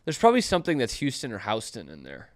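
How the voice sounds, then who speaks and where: A man's voice: mid-range voice, wildly swooping pitch. A man hosting a casual sports podcast, teasing his cohost with a sarcastic edge. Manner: sarcastic, quick to tease. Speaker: podcast host.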